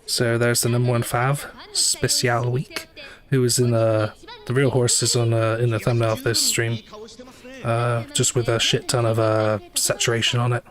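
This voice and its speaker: A male livestreamer plays a gacha game and gives casual live commentary in a mid-range voice, level in tone and at normal speed. He rambles with lots of fillers and self-corrections, tossing in dry asides over faint game music.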